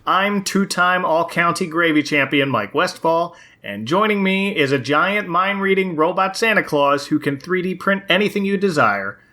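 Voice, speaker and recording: Bright-voiced man hosting a podcast. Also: sits high, expressive, normal speed, hardly any pauses. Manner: jokey, laughs often. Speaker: podcast host. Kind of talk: casual podcast chat.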